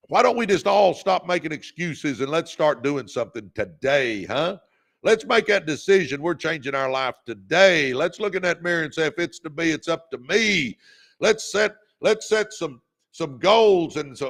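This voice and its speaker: A man with a gravelly, slightly high voice, hosting a motivational livestream. He urges viewers on in a revved-up, preacher-like way and calls them out by name. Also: fairly bright tone. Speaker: podcast host.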